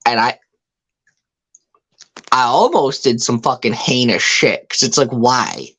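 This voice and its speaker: A podcast speaker trading stories in casual chat. The talk is loose and frustrated, full of swearing and restarts. The pitch sits in an ordinary middle range. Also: slow, long pauses, a bit bright, breathy edge. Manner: profane, restarting anecdotes told in a frustrated tone. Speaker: podcast co-host.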